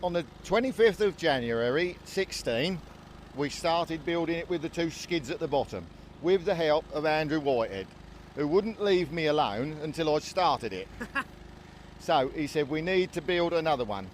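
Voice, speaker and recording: A plain-spoken man answers questions outdoors at a fair, his voice slightly high. Faint outdoor noise sits behind him. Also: lively intonation, normal speed. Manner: plain, matter-of-fact. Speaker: exhibitor and organ builder. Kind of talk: interview answers.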